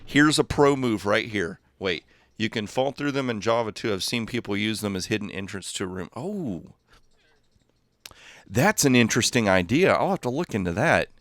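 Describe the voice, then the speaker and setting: Man, gaming livestreamer, low voice with a lively, bouncy delivery; rambly, distracted, chuckles at himself; dry close mic. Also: normal speed, no room sound. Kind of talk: casual livestream chat while playing.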